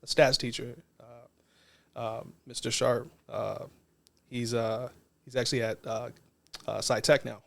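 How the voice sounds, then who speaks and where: A man's voice: mid-range voice, little pitch movement, a little slow, vocal fry. A man, a non-profit co-founder, telling a personal story in a casual interview in an earnest, reflective way.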